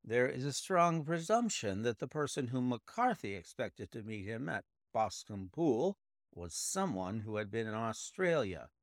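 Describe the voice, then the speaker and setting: A man voicing a brilliant, precise male detective explaining his deductions in a measured way. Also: medium pitch, big pitch swings, no room sound, clean studio sound.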